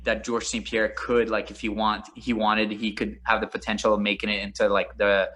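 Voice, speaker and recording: Bright-voiced ex-fighter guy rambling through stories, laughs a lot, casual chat. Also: lowish voice, normal speed. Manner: animated, rambling, laughs often, many fillers. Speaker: former MMA fighter, guest. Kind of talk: casual interview storytelling.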